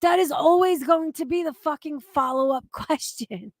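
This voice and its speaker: Speaking in a high voice at a moderate pace, a young woman running a casual commentary channel reads and responds to viewer comments, bluntly and with profanity. The recording is dry.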